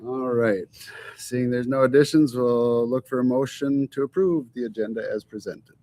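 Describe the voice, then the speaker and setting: A man serving as acting mayor, briskly running a city council meeting through its procedures. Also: medium pitch, warm tone.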